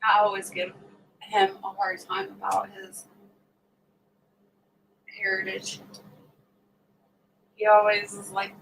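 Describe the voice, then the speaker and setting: A woman's voice: mid-range voice, completely flat delivery, slow pace, gravelly, pauses often, a bit bright. A middle-aged woman hosting a casual livestream, chatting and laughing with viewers and acting out what others said. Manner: chatty and laughing, acts out quoted talk. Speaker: livestream host. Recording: voice a bit distant from the mic, faint background noise.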